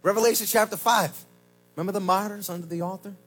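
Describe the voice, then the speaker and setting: A man pastor preaching a sermon at a church service, swinging from shouted lines to low, slow emphasis. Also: steady tone, husky, faint music behind.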